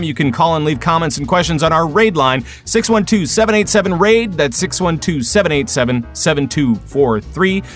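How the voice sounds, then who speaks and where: A man's voice: on the high side, fairly bright tone. A man hosting a gaming podcast, reading plugs and chatting loosely with plenty of fillers. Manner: rambling, filler-heavy, laughs easily. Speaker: podcast host. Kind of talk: casual podcast chat.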